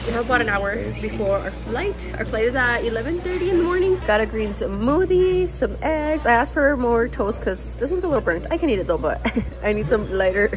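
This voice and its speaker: Woman vlogger, bright high register, chatty with easy laughs and Spanish words mixed in; phone mic, light music underneath. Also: big pitch swings, fairly quick. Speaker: vlog host. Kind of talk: casual chat to camera.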